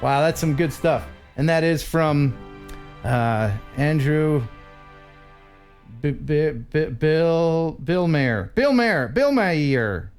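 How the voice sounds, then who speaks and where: An American man hosting a casual live-stream chat, chatty and quick to laugh. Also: a little high, animated, clean tone, faint music behind. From USA. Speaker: host.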